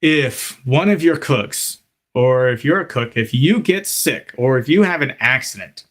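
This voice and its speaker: A man's voice: medium pitch, animated, unhurried, a bit bright. A man teaching a live lesson to kitchen workers, talking straight to them and telling stories with asides like "okay?" and "you know". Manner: storytelling, direct address with frequent "okay?" and "you know". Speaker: culinary instructor.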